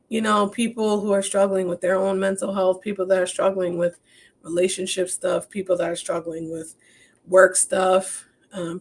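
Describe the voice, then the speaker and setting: A woman host opens up on her podcast in a frank, heartfelt way, her voice sitting at an ordinary middle pitch. She laughs often between thoughts and leans on her faith as she talks. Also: gravelly. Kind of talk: candid personal talk. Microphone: podcast mic.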